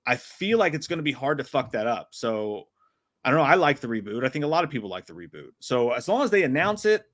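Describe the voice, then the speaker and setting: A man's voice: medium pitch, big pitch swings, quick pace. A man co-hosting a live movie stream in a casual, profane, laughing chat style. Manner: profane, laid-back, laughs often. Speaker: podcast co-host.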